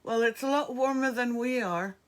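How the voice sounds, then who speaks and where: On her crafts livestream, a woman with a New Jersey accent, hailing from the northeastern US, chats with commenters at a moderate pace. Her voice is on the high side, and she keeps up friendly, gabby asides to the audience.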